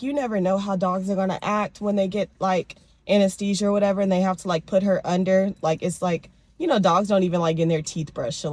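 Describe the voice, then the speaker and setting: With a medium-pitched, slightly mellow voice captured in a dry recording, a young woman vlogs about personal things in an emotional, chatty way. She addresses her dogs in baby talk.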